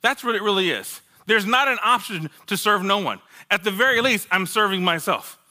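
A male pastor with a very bright, ringing voice pitched a little high. He preaches by telling his own story, playing out his past words and laughing at himself along the way. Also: lively intonation, a little fast. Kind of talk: sermon with personal testimony.

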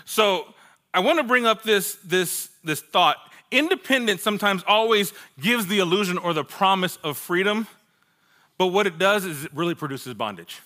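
A man's voice: on the high side, sharp tone. A man preaching a sermon, telling his own testimony as a story, acting out what he once said and laughing at himself. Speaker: pastor.

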